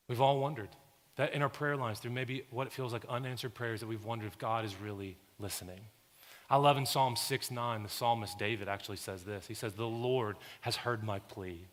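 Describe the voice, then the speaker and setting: Man preaching in a reverberant church. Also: medium pitch. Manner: builds from calm to loud, intense preaching. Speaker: pastor. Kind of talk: sermon. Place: church sanctuary. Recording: long hall reverb.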